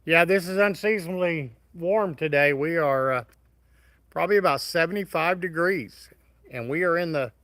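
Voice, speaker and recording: Folksy man, bright and dry. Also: fairly high pitch, normal speed, dry recording, poor audio. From Midwest of the United States. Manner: folksy, friendly, greets viewers by name. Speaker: live stream host. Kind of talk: casual live stream chat reading comments.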